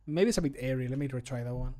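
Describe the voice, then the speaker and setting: A man's voice: medium pitch, very fast, dark tone. A man streaming, chatting casually and critiquing his own recordings, often laughing, into a studio microphone. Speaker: streamer and modder.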